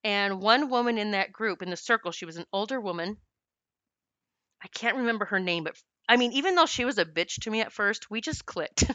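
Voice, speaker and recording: A woman's voice: mid-range voice, bright, forceful tone, clean tone, no room sound, lo-fi sound. A middle-aged woman telling her life story candidly, laughing often and acting out what people said. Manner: acts out quoted voices of herself and others. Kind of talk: personal storytelling to camera.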